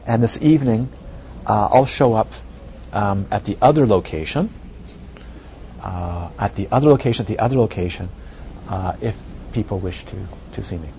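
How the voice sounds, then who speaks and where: Speaking at normal speed but pausing often, a meditation teacher gives a dharma talk in a dark, lowish male voice. He likes repeating phrases and asking playful rhetorical questions. It's a dull lo-fi recording with a faint hiss.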